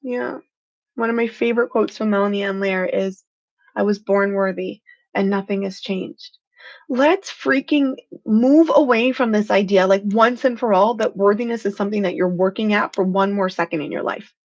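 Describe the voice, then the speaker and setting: A woman's voice: medium pitch, normal speed, muffled recording. A woman hosting a motivational live stream, speaking earnestly and with feeling, stressing points with "freaking". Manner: earnest, heartfelt and emotional, says "freaking" for emphasis.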